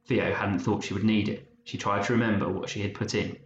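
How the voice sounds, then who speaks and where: A man narrating an audiobook in a measured, even storytelling manner. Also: on the low side. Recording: muffled roomy recording, faint hiss.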